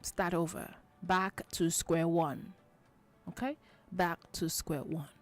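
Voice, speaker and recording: A woman's voice: lowish voice, slow, soft background music. Patient woman teaching children. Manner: patient, repeats each point, checks understanding; acts out example quotes in lively voices. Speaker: children's radio show host. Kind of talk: teaching idioms to children on radio.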